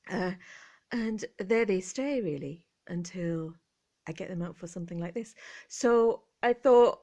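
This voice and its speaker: Warm-hearted English woman in her fifties, giggly, jokey home vlogger. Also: fairly low pitch. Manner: giggly, jokey and self-mocking. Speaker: vintage collector vlogger. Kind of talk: relaxed chatty vlog. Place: cosy room at home, indoors.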